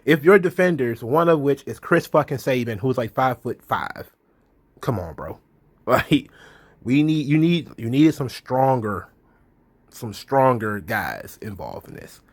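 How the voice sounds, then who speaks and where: A man's voice: mid-range voice, sing-song, measured pace. Blunt, exasperated man ranting. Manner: blunt and exasperated, swears freely, acts out quotes. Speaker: wrestling commentary host. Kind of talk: casual solo commentary.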